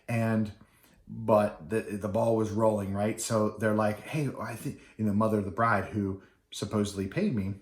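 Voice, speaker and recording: A middle-aged wedding DJ tells a story in a loose, rambling way, full of fillers and restarts. His voice sits low. The room around him is echoey. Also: steady tone, measured pace. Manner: rambling with many fillers and restarts, acting out quoted people. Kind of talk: casual storytelling.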